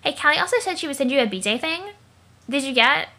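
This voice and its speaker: A woman voicing a tipsy, bubbly teenage girl who talks loud, slangy and rambling, with plenty of swearing. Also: high voice, expressive, fast talker, full character voice. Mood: chatty.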